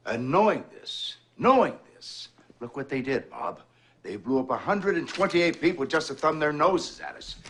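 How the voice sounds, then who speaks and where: An actor playing an angry, exasperated president demanding answers. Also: male voice, a little high, lively intonation, moderate pace, pauses often, a bit bright, slight background noise.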